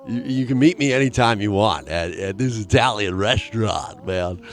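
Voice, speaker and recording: Rambling low-voiced male comic host. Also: animated, normal speed, faint music behind. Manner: rambling, jokey, with crude asides; jumps into acted voices for quoted people. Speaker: podcast host. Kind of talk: solo comedic monologue.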